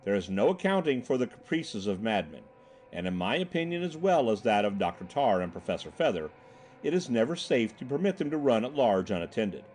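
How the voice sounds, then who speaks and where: A man voicing an elderly asylum director, genial and smooth-talking, in a storybook reading. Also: lowish voice, very animated, brisk, darkish tone, slight background noise. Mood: confiding.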